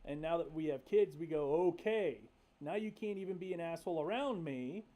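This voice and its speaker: A man's voice: a little high, fairly quick, warm tone. A young man from North Carolina, hosting a casual livestream, talking candidly and profanely with many fillers. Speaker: livestream host.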